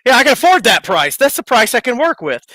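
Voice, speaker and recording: A man's voice: very high voice, very animated, fast talker, sharp tone, dry recording. A man casually telling rambling stories on a live stream, laughing and acting out the people in them. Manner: rambling, laughing, acts out voices in his stories. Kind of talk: casual storytelling.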